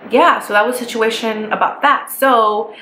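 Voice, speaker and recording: A young woman telling a casual storytime vlog, animated and profane, exasperated as she recounts her ordeal. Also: fairly high pitch, normal speed. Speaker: vlogger. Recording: echoey room with faint background hiss.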